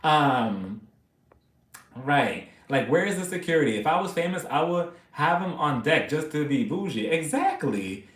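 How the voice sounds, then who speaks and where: A man hosting a casual live stream, chatting excitably and gossiping about reality TV between laughs. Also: a little high, unhurried, reverberant.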